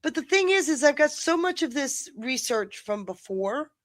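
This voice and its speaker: Slightly high-voiced chatty woman, dry. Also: big pitch swings, normal speed, no echo. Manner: rambling, self-deprecating, laughs easily. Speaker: co-host of a live stream show. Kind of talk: casual chat.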